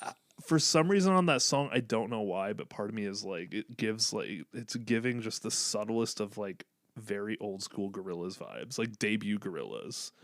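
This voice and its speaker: A man's voice: lowish voice, expressive, normal speed, dry recording, studio quality. A man co-hosting a podcast in casual chat, rambling and joking with plenty of fillers. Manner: rambling, filler-heavy, jokey. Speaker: podcast co-host.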